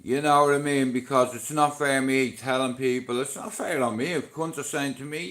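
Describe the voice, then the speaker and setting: A man's voice: medium pitch, steady tone, normal speed, hardly any pauses, a bit bright, reverberant. A middle-aged Irish man talking casually on a live stream, blunt, boastful and full of swearing and slang.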